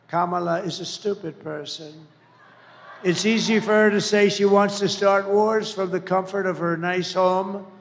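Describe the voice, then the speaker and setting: A man in his seventies giving a rambling, boastful campaign rally speech, repeating himself and breaking into shouts. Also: high-pitched, in a large hall, a little hiss or hum. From United States. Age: 70s. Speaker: political candidate.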